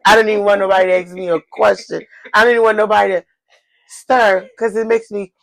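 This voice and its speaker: Gravelly, animated woman podcast co-host. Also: mid-range voice, normal speed, long pauses. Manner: animated, exclamatory, advice-giving. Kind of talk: casual chat.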